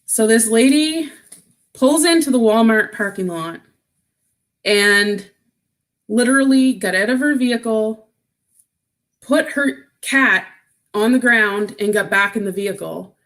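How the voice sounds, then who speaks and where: A woman chats casually with her livestream viewers, answering their comments as she goes. She talks at a slow, unhurried pace. She gets emotional and sounds close to tears. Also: a little high, a bit bright. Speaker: vlogger.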